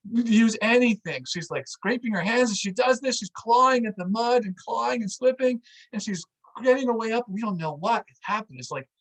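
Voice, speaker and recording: Animated filler-heavy casual storyteller. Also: mid-range voice, low-quality recording. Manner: animated, filler-heavy with many "like"s, acts out what people said. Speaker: storyteller and vlog host.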